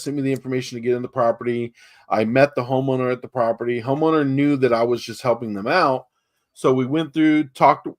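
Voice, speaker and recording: Chatty storytelling man from texas. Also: medium pitch. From San Antonio, Texas. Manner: rambling storyteller, acts out quoted dialogue, many fillers. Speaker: real estate investor. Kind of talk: casual podcast conversation.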